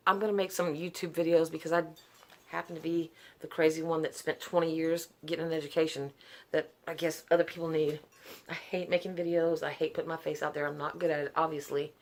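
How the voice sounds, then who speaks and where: A woman's voice: low voice, flat delivery, a little fast. A middle-aged woman, telling her personal story to camera in an earnest, emotional way, with sighs, laughs and restarts. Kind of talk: unscripted personal testimony to camera.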